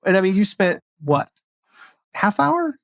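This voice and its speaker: Upbeat guy chatting business, kinda high voice, dry close sound. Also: sing-song, unhurried, creaky, fairly bright tone, no echo. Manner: upbeat, chatty, lots of fillers. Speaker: podcast host, marketing coach. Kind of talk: casual business chat.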